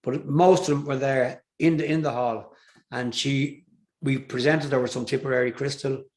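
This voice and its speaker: With a steady, slightly mellow medium-pitched voice at normal speed, an older Irish singer from Ireland chats in a casual interview. His stories ramble, and he uses fillers and often restarts.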